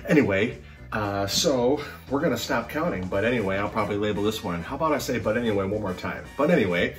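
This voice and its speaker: A middle-aged man chatting casually at home about his collecting, rambling and joking, with sudden excited bursts. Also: lowish voice, fairly quick, far from the mic, soft background music. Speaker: collector vlogger. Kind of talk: casual chat to camera.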